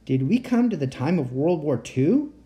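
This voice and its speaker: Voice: medium pitch, very animated, normal speed, dark tone, lightly acted. A reader voicing a thoughtful, cautious young boy in an audiobook story. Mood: earnest.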